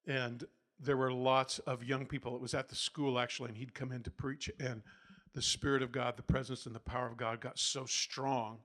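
A man preaching a sermon, telling revival stories and building up to loud, emphatic peaks before settling back down. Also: mid-range voice, level tone, normal speed. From United States. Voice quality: not soft-spoken. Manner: storytelling, builds to loud emphatic peaks, laughs between points. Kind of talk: sermon storytelling.

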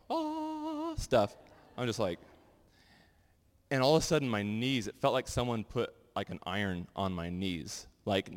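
A man preaching to his congregation, telling his own stories in a relaxed, chatty way with plenty of ums and likes. His voice sits at an ordinary middle pitch. A long reverb trails after his words, as in a large hall. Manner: conversational, animated storytelling with many fillers. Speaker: pastor. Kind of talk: sermon with personal testimonies.

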